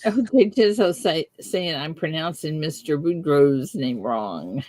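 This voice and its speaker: Lady hosting a live stream, slow easygoing chatter, dry close sound. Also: low voice, lively intonation, a little mellow, no echo. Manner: chatty, self-deprecating, unsure. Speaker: host. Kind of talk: casual live-stream chat.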